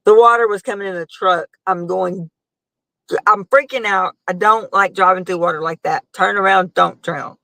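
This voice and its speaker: Chatty woman with gravelly tone. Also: medium pitch, fairly even intonation, moderate pace, bright, forceful tone, no room sound, low-quality recording. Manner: rambling, chatty storytelling with many fillers. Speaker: host. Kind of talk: casual live chat with viewers.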